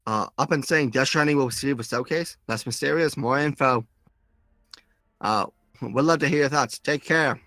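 A man's voice: medium pitch, normal speed, pushed and bright, dry recording. A man putting on an exaggerated fake Australian accent as a male podcast listener. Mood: mock-formal. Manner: overdone and mock-formal.

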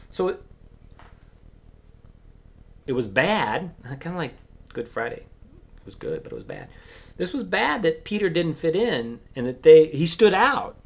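A man preaching a sermon as pastor, acting out Bible voices and swinging between loud emphasis and hushed asides. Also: fairly high pitch, huge pitch swings, a little slow, vocal fry, pauses often.

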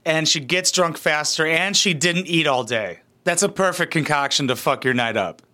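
A man's voice: on the high side, normal speed, a crowd in the background. A man giving crude, sarcastic reaction commentary as a YouTuber, blunt and full of swearing.

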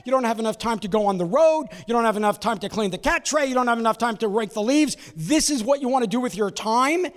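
Man doing a shrill, exasperated scolding wife. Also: normal speed, a little mellow, long reverb tail, natural voice. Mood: outraged.

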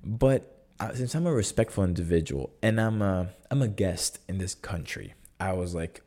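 Deep-voiced chatty podcast host, a man. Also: normal speed, dark tone. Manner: chatty and rambling, full of "like" and self-corrections; wry and sarcastic. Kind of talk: casual solo storytelling.

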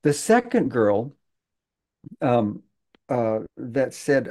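A man speaking as a guest, telling a story in a halting way with many fillers and restarts. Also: mid-range voice, lively intonation, mellow. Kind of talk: conversational storytelling.

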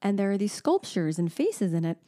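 Animated woman telling family stories. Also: mid-range voice, fairly quick. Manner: animated storyteller, mimics her toddler. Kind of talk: casual chat.

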